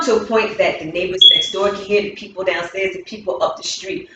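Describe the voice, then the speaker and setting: A woman's voice: medium pitch, steady tone, fairly quick, hardly any pauses, bright, forceful tone, slight background noise. A woman teaching as a movement coach, repeating key words with emphasis as she demonstrates. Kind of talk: instructional talk with movement demonstrations. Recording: very echoey room, distant mic.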